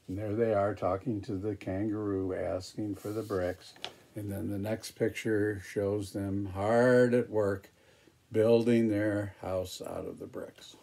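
A man reading a picture book aloud, pausing for chatty, hesitant asides about the pictures. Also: lowish voice, vocal fry, warm tone, slight background noise. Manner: hesitant, with fillers and restarts. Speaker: storybook reader.

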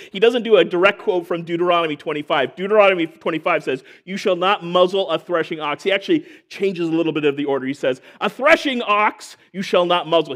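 A man's voice: sits high, fairly bright tone. A man preaching a sermon as a church elder, in a conversational way with joking asides.

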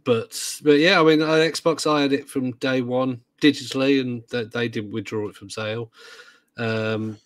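A man's voice: medium pitch, steady tone, moderate pace, no room sound. A man co-hosting a gaming podcast, talking hesitantly with many ums and restarts and making joking asides. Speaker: podcast co-host. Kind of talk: casual chat.

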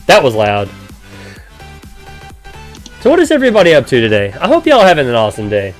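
A man's voice: medium pitch, wildly swooping pitch, brisk, faint music behind. A man hosting a casual game live stream, chatty and upbeat, greeting viewers by name and explaining with frequent "um"s. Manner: frequent "um" fillers while explaining.

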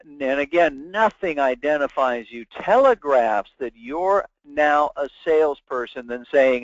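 A man's voice: a little high, lively intonation, a little slow, few pauses, no echo. A man giving a webinar lecture as a sales trainer, talking emphatically and acting out sample phone calls. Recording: dull, dry lo-fi webinar audio.

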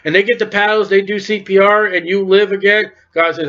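A man's voice: sits high, a little fast, hardly any pauses, a bit bright, muffled recording. A man preaching an informal sermon in a conversational way, acting out bits of dialogue as he goes. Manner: conversational, acts out dialogue in quoted voices.

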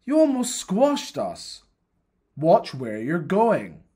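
A reader voicing a bossy male talking head from a folktale, in a raised, excited voice. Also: medium pitch, slow pace, husky, full character voice.

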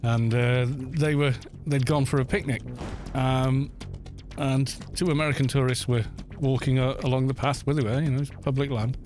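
A man's voice: mid-range voice, steady tone, normal speed, darkish tone. A British man in his thirties chatting casually on a live game stream, telling stories and laughing often. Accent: British English. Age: 30s. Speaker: gaming streamer. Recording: faint music behind.

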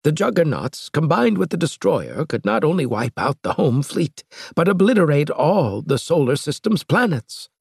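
Scheming professor who weighs every option, as a male narrator puts him on, raised pitch, lively delivery. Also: normal speed, gravelly, breathy edge, no echo, studio quality, exaggerated voice. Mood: reasoning.

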